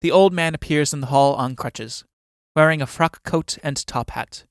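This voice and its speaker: A man's voice: fairly high pitch, dry recording, clean studio sound. A man reading stage directions. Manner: measured narration of stage directions. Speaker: narrator reading a play. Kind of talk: dramatic reading of a stage play.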